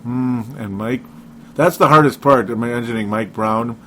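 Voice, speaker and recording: A man's voice: medium pitch, normal speed, a bit bright, slight background noise. A man co-hosting a casual sports podcast, rambling, laughing often and breaking off his own sentences. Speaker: podcast co-host.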